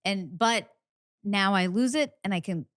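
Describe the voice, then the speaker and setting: A woman hosting a podcast, chatting casually in a lively, frank way, with fillers and casual swearing. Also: medium pitch, unhurried, no room sound, clean studio sound. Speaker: podcast host.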